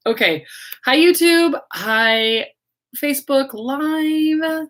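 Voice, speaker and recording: A middle-aged woman who works as a medium, chatting casually on a livestream with her viewers, rambling and laughing often, her voice a little hoarse. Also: medium pitch, moderate pace, a bit bright. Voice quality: slightly hoarse.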